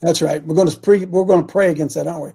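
A man hosting a call-in show, his voice sitting notably high. He fires off fervent, preacherly exclamations and rallying calls to his callers. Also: steady tone, racing, gravelly, mellow, husky. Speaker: host of call-in prayer show.

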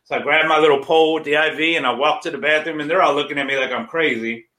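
A man's voice: fairly high pitch, fairly even intonation, quick pace, pushed and bright, roomy sound. A man sharing a personal faith testimony, emphatic and retelling conversations line by line. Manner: emphatic, retells dialogue with many "she says".

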